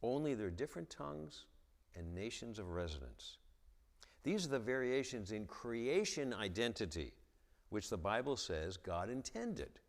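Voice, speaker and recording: A man's voice: medium pitch, big pitch swings, unhurried, big-room sound. A man giving a lecture-style talk at a church, stuttering and repeating the starts of his sentences. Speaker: guest speaker at a church. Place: church hall with an audience.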